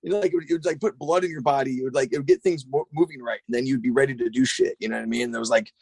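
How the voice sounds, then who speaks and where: Fast-talking gravelly man, casual and profane. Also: medium pitch, dry recording. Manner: profane, rambling, animated storyteller. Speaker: skate shop owner. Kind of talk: casual podcast chat.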